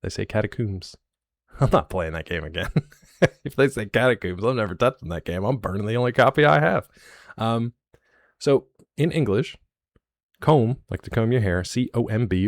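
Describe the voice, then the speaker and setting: A man's voice: on the low side, normal speed, dry recording, clean studio sound. A man streaming live, chatting loosely with his viewers in a jokey, rambling way.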